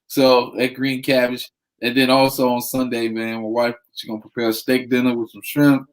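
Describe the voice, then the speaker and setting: A man's voice: mid-range voice, level tone, normal speed, low-quality recording. A man with an ordinary mid-range voice co-hosts a casual talk show. He talks in a laid-back, easygoing way and peppers his talk with slang and catchphrases. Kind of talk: casual chat.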